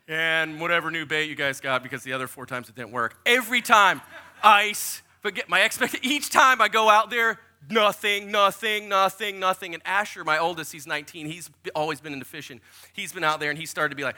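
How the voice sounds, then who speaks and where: Bright high-voiced male pastor preaching. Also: brisk. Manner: animated, jokey storyteller who acts out quotes. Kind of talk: sermon with personal storytelling.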